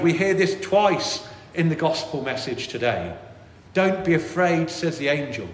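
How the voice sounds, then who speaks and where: A man's voice: medium pitch, moderate pace. Man preaching in an echoey church. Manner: animated, voices worried inner thoughts. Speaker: priest. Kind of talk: sermon. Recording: echoey church with long reverb.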